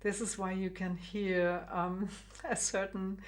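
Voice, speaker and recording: Slow-spoken woman with a German accent. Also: mid-range voice, little pitch movement. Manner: gentle, unhurried, many ums, laughs lightly. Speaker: harp teacher. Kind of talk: video lesson with guided relaxation.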